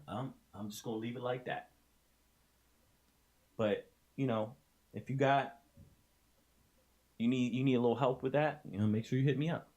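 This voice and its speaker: A young adult man talking to camera in a casual motivational vlog, blunt and passionate, swearing freely and swinging between low mutters and loud outbursts. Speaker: streamer and vlogger.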